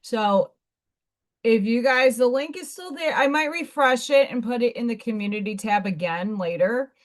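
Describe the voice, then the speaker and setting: A woman's voice: on the high side, moderate pace. A woman hosting a live stream, chatting casually in a rambling way with blunt asides. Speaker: livestream host.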